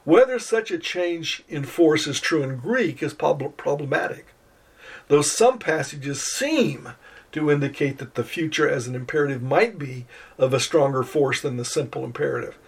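An older man gives a recorded grammar lecture in a husky voice that sits a little high. He speaks in a measured, deliberate way and slows right down over each foreign word. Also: expressive. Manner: measured, slows to spell out Greek words, some restarts. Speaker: Greek grammar teacher.

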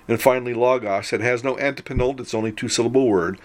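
A man with a mid-range voice teaches a recorded Greek grammar lesson, explaining things in a measured way and slowing down to spell out syllables.

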